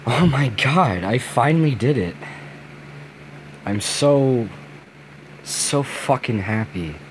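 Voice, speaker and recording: A young man making a casual gaming vlog, swearing freely, his voice worn hoarse from screaming with joy. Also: medium pitch, animated, slow pace, a little hiss or hum. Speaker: gaming video maker. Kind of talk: excited casual vlog rant.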